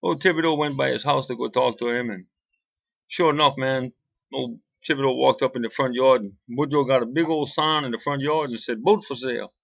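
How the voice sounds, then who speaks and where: A Cajun man from Louisiana tells jokes in a loose, folksy ramble, with plenty of "boy" and restarts. His voice is gravelly and sits at a middle pitch. The sound is dry and a little dull. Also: fairly even intonation, fairly quick, fairly bright tone, no echo. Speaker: joke teller. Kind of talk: casual joke storytelling.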